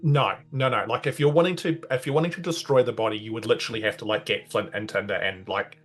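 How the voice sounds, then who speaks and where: A man's voice: fairly low pitch, quick pace, slightly rough, faint music behind. A man acting as dungeon master, narrating and explaining rules with many restarts. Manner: hesitant, restarts with "like". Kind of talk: game master narration and rulings.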